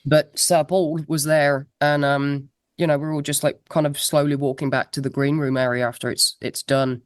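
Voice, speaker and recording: A woman's voice: low voice, flat delivery, normal speed, no room sound, studio quality. A woman, a musician guest telling anecdotes in a chatty, laughing way over a laptop video call. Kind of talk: casual interview chat.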